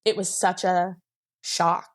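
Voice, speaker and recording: A woman's voice: on the low side, flat delivery, slow pace. Young woman telling a personal story. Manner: rambling, heavy use of "like", laughs while telling. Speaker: guest sharing her story.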